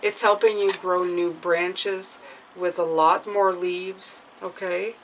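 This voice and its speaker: A woman giving a tarot reading to her viewers, speaking gently and reassuringly and often checking in with "okay?". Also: on the low side, little pitch movement, slow pace, slight background noise, rough recording. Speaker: tarot reader.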